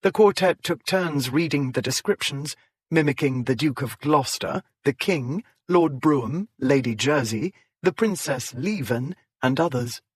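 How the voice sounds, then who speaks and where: A man reading a historical romance audiobook in a measured storytelling voice, raising his pitch to voice the characters. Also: lively intonation, slightly rough, no echo. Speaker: audiobook narrator. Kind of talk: scripted narration.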